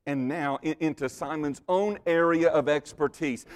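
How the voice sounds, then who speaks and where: A man giving a sermon and speaking straight to the congregation, swinging between hushed, near-whispered lines and loud, emphatic bursts. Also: fairly high pitch, normal speed, few pauses, clear, resonant tone. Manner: direct address to the congregation. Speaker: pastor.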